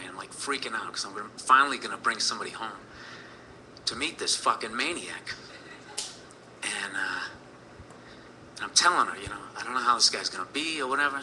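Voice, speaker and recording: Bright sharp-voiced guy in his 30s rambling thru a story, swears a lot, fillers everywhere. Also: medium pitch, slight background noise, poor audio. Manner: profane, rambling with lots of fillers. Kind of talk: personal storytelling.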